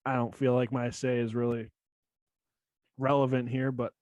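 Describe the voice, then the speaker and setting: A man's voice: mid-range voice, little pitch movement, moderate pace, darkish tone, no room sound. A man co-hosting a casual sports podcast, laid-back and self-deprecating, with blunt slang. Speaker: podcast co-host.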